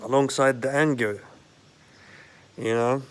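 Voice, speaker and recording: A man in a rambling monologue at home, agitated and profane, halting often with fillers. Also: medium pitch, fairly even intonation, clean tone. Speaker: vlogger. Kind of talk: rambling direct-to-camera monologue. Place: at home, indoors.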